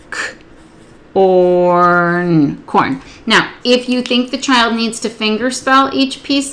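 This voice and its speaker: A woman's voice: medium pitch, bright, forceful tone. Patient woman demonstrating a literacy lesson. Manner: patient, explains step by step, slows to sound out words. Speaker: literacy tutor. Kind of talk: instructional demonstration.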